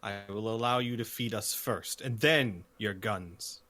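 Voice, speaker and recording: A man voicing a small, scruffy male creature who leads a gang and blusters, dropping into a hushed growl. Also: lowish voice, unhurried. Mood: blustering.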